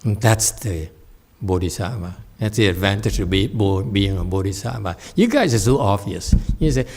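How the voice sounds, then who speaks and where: A man's voice: lowish voice, expressive, moderate pace, darkish tone. A man teaching meditation, answering a student's question in a playful, teasing way, acting out little voices and laughing. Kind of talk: teaching talk with Q&A.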